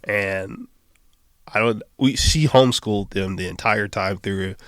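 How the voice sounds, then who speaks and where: A man sits as a guest on a casual podcast, telling stories in an easygoing way and often breaking into a laugh. His voice sits on the low side. The sound is dry and close to the mic. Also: a little slow, fairly bright tone, no echo.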